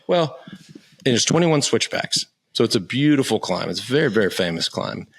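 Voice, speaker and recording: An American man in his fifties, a podcast guest telling profane, animated stories with frequent restarts. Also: fairly low pitch, moderate pace, vocal fry, breathy edge. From United States. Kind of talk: casual storytelling.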